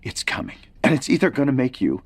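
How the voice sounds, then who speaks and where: An actress playing a weary mother of a disabled son, giving gentle, frank advice. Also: rumbling low, sing-song, fast talker, husky, heavily acted.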